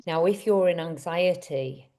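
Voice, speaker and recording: Low, mellow woman coaching. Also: a little slow. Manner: earnest, directly addresses and questions the audience. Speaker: wellbeing coach and summit speaker. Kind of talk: motivational summit talk.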